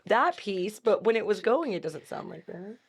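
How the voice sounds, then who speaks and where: A woman's voice: medium pitch, animated, normal speed, darkish tone, breathy edge. A woman co-hosting an anime reaction video, chatting casually and exclaiming at what she watches. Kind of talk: casual chat.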